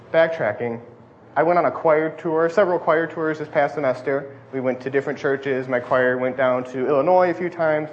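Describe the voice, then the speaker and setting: A young man preaching a sermon into a lapel mic, fast-talking and self-deprecating, in a church hall. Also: on the high side. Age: young adult. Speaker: student preacher. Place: church hall with air conditioning. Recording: dull lo-fi audio with faint hum. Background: faint air conditioning hum.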